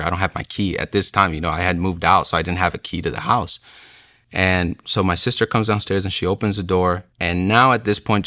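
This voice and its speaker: A man's voice: low voice, sharp tone, no echo, studio quality. A young man earnestly telling his personal conversion testimony in a casual storytelling way, with frequent fillers. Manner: earnest, emotional, with frequent "you know" fillers. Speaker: speaker sharing a conversion testimony.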